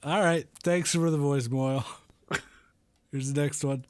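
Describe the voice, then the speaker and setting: A young man hosting a casual gaming podcast, joking around in a relaxed way and laughing often. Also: medium pitch, slow, no echo. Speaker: podcast host.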